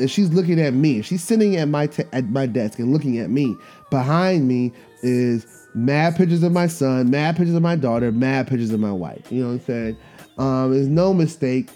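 A man hosting a podcast, telling a story in a casual monologue, animated and slangy, often repeating himself. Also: a little high. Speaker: podcast host.

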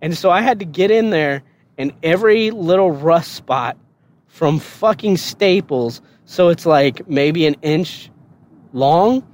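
A man with a high speaking voice tells a rowdy story about his past. He swears freely, breaks into laughter, and jumps up in pitch to play the other voices in his tale. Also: lively intonation, slow pace, a little mellow. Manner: laughing, swearing, acts out quotes in a higher voice. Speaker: podcast host telling a story. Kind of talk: casual storytelling.

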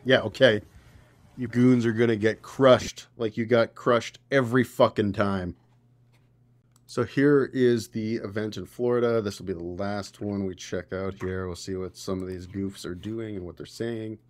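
A man's voice: on the low side, steady tone, a little slow. A man hosting a political podcast, reading news stories aloud and reacting with exasperated, profane commentary. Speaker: podcast host.

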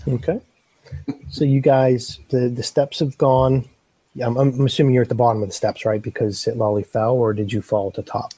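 Husky, mellow-voiced man running a tabletop game. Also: medium pitch, level tone, normal speed, dry recording, rough recording. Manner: rambling, many fillers and restarts. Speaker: game master.

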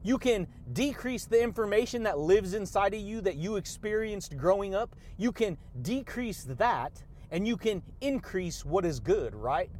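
Male motivational podcaster, high voice, energetic, shouty, laughs a lot. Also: measured pace. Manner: hyped, shouting catchphrases and laughing often. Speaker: podcast host.

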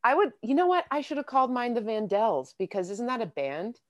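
A woman's voice: on the high side, big pitch swings, brisk, dry recording, studio quality. A woman co-hosting a comedy podcast, talking in a playful, goofy way. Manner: playful and goofy, bursts into loud bits. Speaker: podcast co-host. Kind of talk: casual comedy podcast chat.

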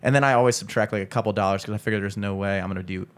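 A man's voice: lowish voice, steady tone, racing. A young man telling stories in a casual chat with friends, swearing freely and laughing a lot. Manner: laid-back storyteller, swears, laughs a lot.

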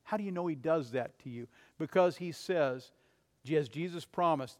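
A man preaching a sermon in an earnest way, rising to urgent appeals and falling to soft, low passages. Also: moderate pace, big-room sound. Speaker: pastor.

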